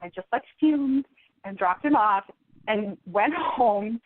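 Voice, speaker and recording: A woman's voice: mid-range voice, slow pace, a little hiss or hum. Woman telling a story over a tinny phone line. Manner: animated, exasperated retelling. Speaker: guest. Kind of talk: storytelling in a podcast interview. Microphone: phone call.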